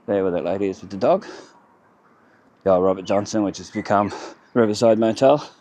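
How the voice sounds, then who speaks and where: Deep-voiced man rambling on a walk. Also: brisk, dark tone. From Australia. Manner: rambling, chatty, self-correcting, speaks in short fragments. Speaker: vlogger giving a walking tour of his town. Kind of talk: casual walking-tour commentary. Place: outdoors on town streets by a river.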